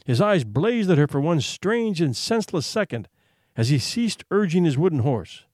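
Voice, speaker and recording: Man reading a story with lively expression. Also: a little high, moderate pace, no echo, studio quality. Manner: expressive, suspenseful, hushed for tension. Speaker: narrator. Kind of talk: dramatic reading of a short story.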